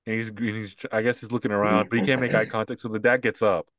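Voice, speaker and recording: A man co-hosting a casual podcast, giving opinions and mocking an ad, now and then quoting lines in a high put-on voice. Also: little pitch movement, quick pace, a bit bright, no echo. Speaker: podcast co-host.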